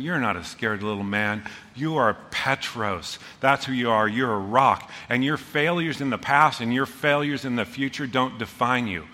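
Middle-aged male pastor, bright and forceful, lively storyteller, long hall reverb. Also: mid-range voice. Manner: animated storytelling with voiced quotes. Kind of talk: sermon. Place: church hall.

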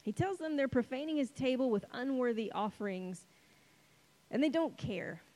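A woman preaching a sermon in a conversational, playful way, slowing for dramatic pauses on key words. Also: sits high, lively intonation, mellow, poor audio.

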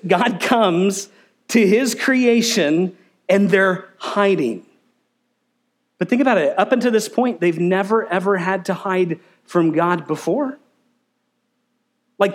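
Male pastor, high voice, emphatic sermon delivery, quizzes the congregation. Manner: asks the congregation questions, emphatic and animated.

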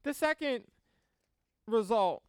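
A preacher giving a sermon in an animated way, acting out quotes in little voices and letting phrases fall away at the end. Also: mid-range voice, slow pace, clear, resonant tone, no room sound, studio quality. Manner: animated, acts out quotes in voices, laughs at own stories.

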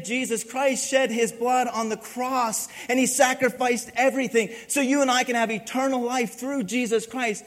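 A man preaching a sermon as pastor, animated, swinging from loud emphatic bursts to quiet, hushed passages. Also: very high voice, fairly quick, hardly any pauses, long reverb tail.

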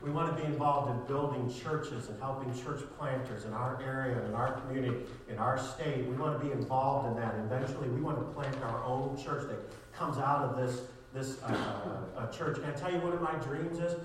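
A pastor preaches in a church sanctuary, showing a sarcastic streak as he builds toward fervent emphasis. His medium-pitched voice moves fairly quickly with few pauses. The mic is distant in an echoey hall, and there's a little hiss or hum.

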